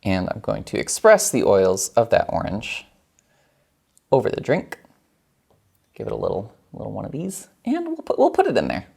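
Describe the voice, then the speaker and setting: A man hosts a casual cocktail show, talking through each step with a playful, chatty manner. His voice leaps around in pitch, and he laughs easily. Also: wildly swooping pitch, moderate pace, gravelly, long pauses, a little mellow, husky.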